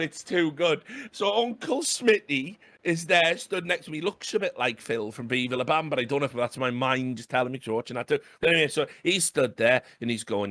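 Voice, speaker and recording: A man's voice: mid-range voice, brisk, few pauses, a bit bright, dry recording. A man co-hosting a podcast, animatedly retelling a TV episode with frequent laughs. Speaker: podcast co-host. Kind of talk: casual podcast storytelling.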